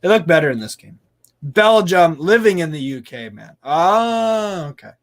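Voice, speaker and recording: A man hosting a casual live football stream. He reads out viewer comments in a chatty, excitable way, swears casually and laughs often. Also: fairly high pitch, unhurried, no echo. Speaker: live stream host reading fan chat.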